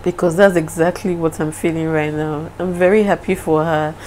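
A woman's voice: low-pitched, steady tone, normal speed, darkish tone, slight background noise, poor audio. A young Nigerian woman with a Nigerian accent talking casually to the camera in a home vlog, openly emotional and apologetic. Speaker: vlogger.

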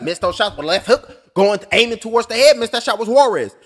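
A man giving live blow-by-blow boxing commentary, reeling off punches in quick clipped phrases, loose and joking with profane asides. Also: sits high, animated. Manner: loose, joking and profane, breaks into tangents and laughs.

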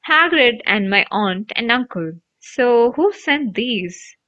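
A woman's voice: fairly high pitch, expressive, slow, sharp tone, exaggerated voice. Harry, a woman doing a curious boy wizard. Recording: dull lo-fi recording.

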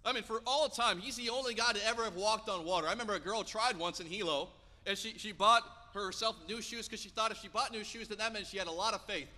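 Animated male preacher in a reverberant hall. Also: sits high, fast talker. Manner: animated storytelling, acting out quotes. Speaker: pastor. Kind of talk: sermon. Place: church sanctuary. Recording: long church hall reverb.

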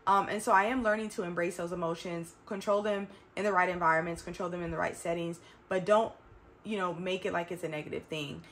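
A woman vlogger in her thirties, her voice on the low side and a bit bright, speaks fairly quickly with fairly even intonation. Chatty and emphatic, she talks reflectively and casually to camera, often calling her viewers y'all.

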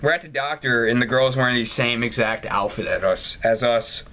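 A man hosting a gaming channel, doing loud, profane let's play commentary with lots of incredulous outbursts. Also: medium pitch, steady tone, moderate pace. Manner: loud, swearing, incredulous, laughs a lot.

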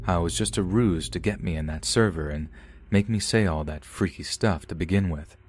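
A man reading a first-person horror story as a podcast narrator, calm and measured. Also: deep voice.

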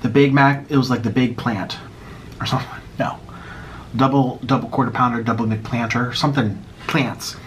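A man's voice: mid-range voice, fairly even intonation, normal speed, a little hiss or hum. An American man chatting casually while eating on camera, swinging into dramatic mock outrage and a little out of breath. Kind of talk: casual mukbang vlog chat.

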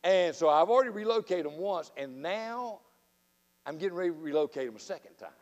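Middle-aged Southern man, high-pitched and fiery revival preacher, folksy storyteller with loud bursts and low asides. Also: animated, fairly quick. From Florida. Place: church sanctuary. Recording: long reverb of a church sanctuary.

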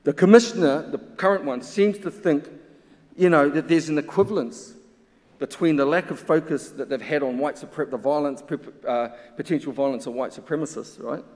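A man's voice: fairly high pitch, normal speed, a little mellow. A man, a researcher giving an impassioned symposium talk full of pointed rhetorical questions. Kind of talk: conference talk. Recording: long hall reverb.

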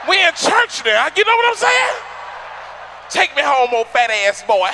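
A man from Atlanta doing loud, profane stand-up comedy on stage, teasing the crowd and shouting punchlines. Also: very high voice, sing-song, measured pace, slight background noise. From Atlanta, USA.

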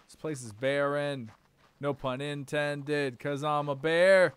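A young man streaming a game live, swearing and reacting loudly to what happens on screen. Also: a little high, steady tone, slow, smooth.

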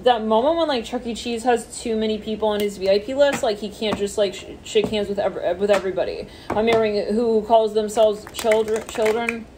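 A woman's voice: medium pitch, fairly even intonation, brisk, few pauses, a little mellow, slight background noise. A woman giving a casual tarot reading, rambling with many fillers and swearing offhandedly. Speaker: tarot reader.

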